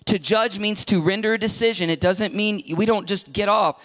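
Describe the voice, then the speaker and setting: A middle-aged man preaching a sermon as pastor, emphatic and animated, acting out quoted voices and dropping at times to a whisper. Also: high-pitched, normal speed.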